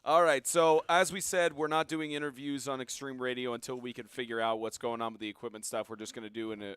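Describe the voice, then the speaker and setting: Smooth-voiced man hosting sports radio. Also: mid-range voice, fairly even intonation, fast talker, fairly bright tone, no echo. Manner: laid-back, self-correcting, laughs easily. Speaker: radio show host. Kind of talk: casual sports talk.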